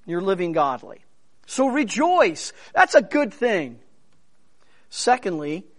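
A man with a high voice preaching a sermon. He talks conversationally, swinging from quiet, soft-spoken stretches to louder, emphatic bursts, with humorous asides along the way. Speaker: pastor.

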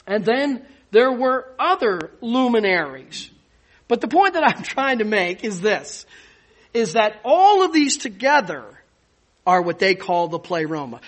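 A man preaching a sermon as pastor, teaching with lively rhetorical questions. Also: sits high.

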